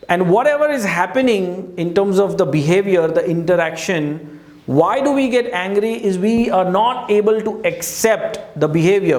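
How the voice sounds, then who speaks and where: A man's voice: sits high, a little mellow, echoey room. A man giving a life-coaching talk at a teaching board, earnest and direct, often saying "you know".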